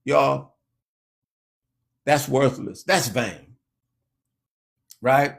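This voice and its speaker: A man preaching a sermon in a slow, emphatic way, lifting his voice when he quotes scripture. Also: a little high.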